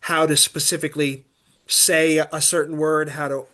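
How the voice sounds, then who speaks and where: A man, a guest opera tenor from Pennsylvania, chatting casually in an interview and explaining things in a halting way, with many restarts and filler words. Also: on the high side, little pitch movement, sharp tone. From Pennsylvania, USA.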